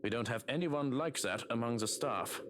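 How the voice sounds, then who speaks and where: A man voicing a calm, protective male servant who speaks in a measured, businesslike way. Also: medium pitch, noisy background, pitched below the performer's own voice, lightly acted.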